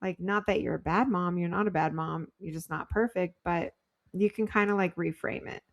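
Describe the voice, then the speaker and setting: A woman co-hosting a podcast chats casually in a fairly low voice with vocal fry, speaking at normal speed. She giggles often and talks loosely, with her phrasing full of filler.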